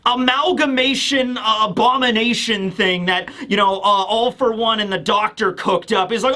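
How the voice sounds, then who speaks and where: Male reviewer, high and bright, rambling casual recap. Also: moderate pace, hardly any pauses. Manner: rambling, fillers, slips into character voices. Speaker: manga reviewer. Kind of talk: casual commentary.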